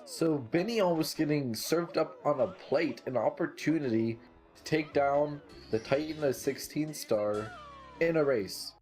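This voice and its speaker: A man giving casual play-by-play commentary on a speedrun race, relaxed and full of fillers. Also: on the high side, unhurried, faint music behind. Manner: relaxed, lots of filler "like" and "you know".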